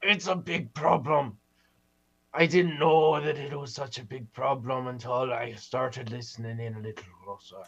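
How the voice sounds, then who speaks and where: A man's voice: medium pitch, steady tone, moderate pace, gravelly. An improv performer playing a folksy older father who lectures his son about the family business. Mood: lecturing. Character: gruff old father who built the business, preachy. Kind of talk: live improv comedy. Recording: dull lo-fi sound.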